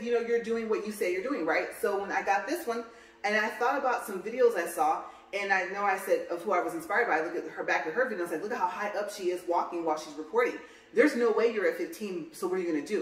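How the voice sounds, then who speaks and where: On a home treadmill, a woman of medium pitch chats through a laid-back vlog, panting as she rambles and catches her own mistakes. The sound is distant and roomy, typical of a home recording.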